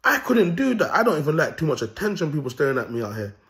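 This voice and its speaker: A man's voice: fairly high pitch, big pitch swings, fast, fairly bright tone. A young man with a London accent hosting his own video, ranting in comic commentary, swearing freely and laughing at his own jokes. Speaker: host.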